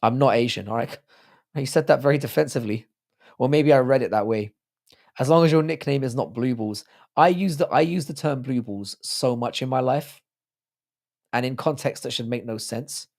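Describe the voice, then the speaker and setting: Hoarse, gravelly British man chatting. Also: mid-range voice, normal speed, a little mellow. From United Kingdom. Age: adult with a child. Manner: crude, joking banter. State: hoarse, sore throat. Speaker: livestream host. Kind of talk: casual livestream chat reading out viewer comments.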